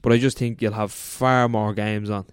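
A laid-back Irish co-host explains his ideas at length. His voice is smooth and resonant, a little lower than average. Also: level tone, moderate pace. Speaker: podcast co-host. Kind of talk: casual chat.

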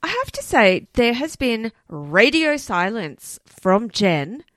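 Woman co-host, bubbly and giggly, higher voice, very lively pitch. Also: takes it slowly, dry recording. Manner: animated, giggly, exclamatory. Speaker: podcast co-host. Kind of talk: casual chat.

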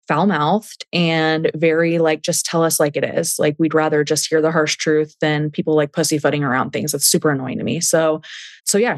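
A woman's voice: fairly low pitch, no room sound. A woman, a nurse, talking frankly as a guest in an interview, swearing freely and telling stories with energy. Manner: frank, foul-mouthed, lively storytelling. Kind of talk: casual interview chat.

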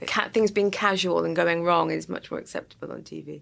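Woman chatting on a podcast, a bit of vocal fry, laughs a lot as she tells stories. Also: on the low side, brisk. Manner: laughs often, animated storytelling. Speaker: podcast co-host. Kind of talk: casual chat.

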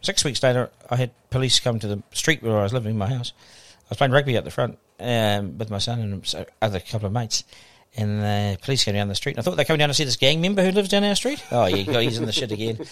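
A man with a New Zealand accent, speaking in a fairly low voice at a brisk, rapid clip. He tells his story in an animated way and plays out the quoted exchanges with people in it. This is a relaxed podcast interview. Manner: animated anecdotal storytelling, acting out quoted dialogue. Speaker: guest broadcaster.

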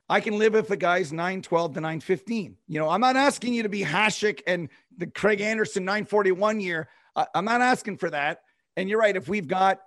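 A man's voice: high-pitched, fairly bright tone, dry recording, studio quality. A man co-hosting a hockey podcast, rambling through his points in casual chat. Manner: rambling, stop-start. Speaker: podcast co-host.

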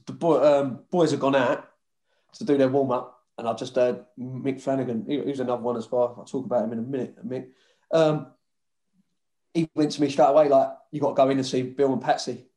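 A man's voice: mid-range voice, reverberant. A man telling football stories casually, laughing and swearing as he goes. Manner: laughing, swearing, lively storytelling. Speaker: former footballer.

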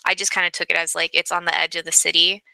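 A woman's voice: fairly low pitch, level tone, creaky, sharp tone, no room sound, rough recording. A woman co-hosting a podcast, discussing a horror movie in a thoughtful, hesitant way. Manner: thoughtful, hesitant, drawn-out phrasing. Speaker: podcast co-host.

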